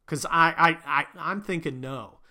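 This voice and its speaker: A man's voice: a little high, moderate pace, sharp tone. A man hosting a podcast, ranting sarcastically and profanely in a rambling way. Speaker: podcast host. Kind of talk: sarcastic political rant.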